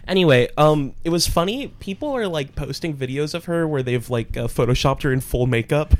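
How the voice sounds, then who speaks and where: A man's voice: on the high side, animated, fairly quick, a little hiss or hum. A man co-hosting a comedy podcast in a rambling, ironic way with many fillers. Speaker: podcast co-host. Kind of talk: casual comedy chat.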